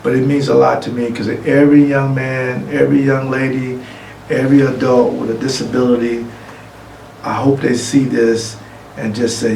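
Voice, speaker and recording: A middle-aged man giving an award acceptance speech, telling a lively anecdote. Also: medium pitch, moderate pace, gravelly, a little hiss or hum. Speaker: award recipient and guest speaker. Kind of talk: storytelling speech. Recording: echoey room from far off, faint ambience.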